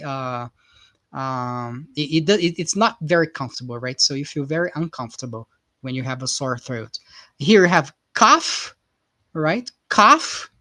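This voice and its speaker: A man teaches English in a live online class. He goes slowly and patiently, repeats each word, and keeps checking in with his students. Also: on the high side, a bit bright. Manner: patient, repetitive, checks in with "right?" constantly.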